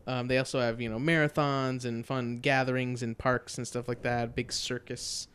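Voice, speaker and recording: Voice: mid-range voice, flat delivery, moderate pace, fairly bright tone, smooth. A podcast co-host in casual chat, talking in a loose, rambling way, blunt and swearing freely.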